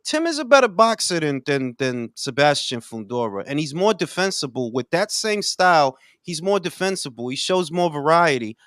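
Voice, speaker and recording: A man's voice: a little high, big pitch swings, moderate pace, hardly any pauses, fairly bright tone, dry recording, clean studio sound. A man hosting a casual live boxing talk stream, joking and slangy, saying "bro" a lot. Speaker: host.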